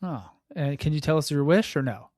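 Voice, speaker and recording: A man hosts a casual podcast interview, teasing his guest with playful questions. His voice sits a little high for a man. The sound is dry and close, with no room around it. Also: expressive, fairly quick, a little mellow, no room sound. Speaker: podcast host.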